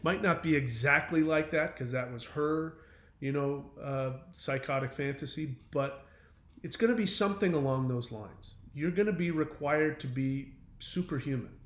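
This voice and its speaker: A man hosting his own self-help channel talks through relationship advice in a casual, earnest monologue full of fillers and restarts. His voice is fairly high and fairly bright, at a moderate pace, in an echoey room.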